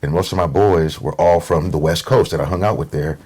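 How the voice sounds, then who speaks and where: Middle-aged dude from portland telling stories, lowish voice, easygoing. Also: male voice, brisk, darkish tone, slightly rough. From Portland, Oregon. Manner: easygoing storyteller, acts out quotes. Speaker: guest. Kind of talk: casual conversation.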